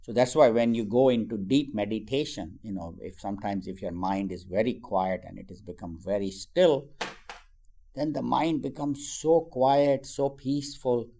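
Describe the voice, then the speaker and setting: A spiritual teacher speaks conversationally about the mind and meditation, often slipping in "you know" asides and acting out everyday remarks. His mid-range voice is warm, with fairly even intonation and a moderate pace.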